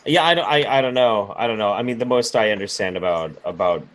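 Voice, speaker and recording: A lower-pitched American man whose voice still moves around a lot. He rambles and hesitates, restarts his sentences and drops casual swearing into loose chat. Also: lively intonation, fast talker, fairly bright tone.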